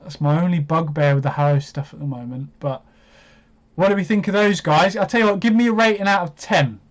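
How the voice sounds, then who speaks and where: A man hosting a live watch-along stream, chatty and hesitant, breaking into excited reactions as he comments. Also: on the high side, fairly quick.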